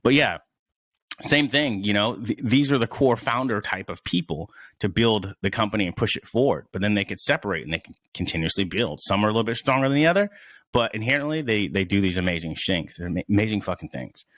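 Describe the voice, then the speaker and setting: A man's voice: on the low side, expressive, brisk, a bit bright, no room sound. A young man in his twenties chatting as a podcast guest, rambling and searching for words as he goes. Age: 20s. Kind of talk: casual podcast chat.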